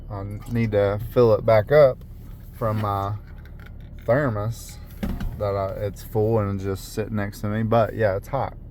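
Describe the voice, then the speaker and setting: Young male driver, low voice, unhurried rambling vlog from the car. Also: darkish tone, a little hiss or hum. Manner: rambling, with many fillers and restarts. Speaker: rideshare driver. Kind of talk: casual vlog monologue. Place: parked car.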